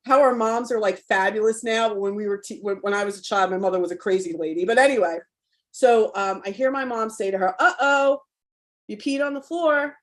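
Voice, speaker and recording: A woman's voice: mid-range voice, quick pace. A woman coach giving a live online talk to parents, frank and spirited, cursing freely in a conversational, rallying way.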